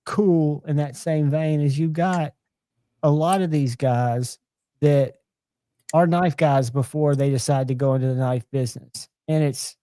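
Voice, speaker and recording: A man's voice: a little high, fairly even intonation, a little slow, mellow, dry recording. A man, chatting casually and enthusiastically as host of a live knife show.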